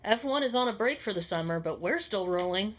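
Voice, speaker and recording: A woman's voice: medium pitch, lively intonation, brisk, a bit bright. A woman co-hosting a sports podcast, chatting casually with short remarks. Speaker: podcast co-host.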